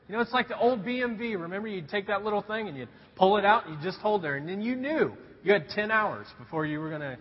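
A man's voice: sits high, husky. A man preaching a sermon, telling stories and asking the congregation rhetorical questions. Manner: animated storytelling with rhetorical questions. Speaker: pastor. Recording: dull recording in a reverberant hall.

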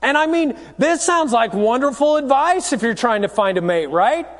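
A pastor preaching a sermon, telling a story with jokes and speaking straight to the congregation. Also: male voice, very high voice, expressive, moderate pace, in a large hall. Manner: storytelling, joking, direct to the congregation. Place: church.

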